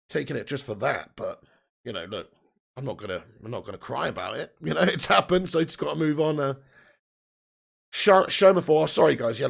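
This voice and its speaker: A man's voice: mid-range voice, vocal fry. A man in his thirties, hosting a football watch-along stream, reading out chat messages in a casual, chatty way with frequent laughs and casual swearing.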